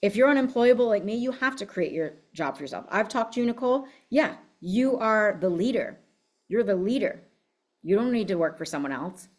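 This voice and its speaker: Woman business coach, casual motivational talk, mid-pitched, brash, profane, fired up. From United States. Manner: blunt, profane, fiery storytelling.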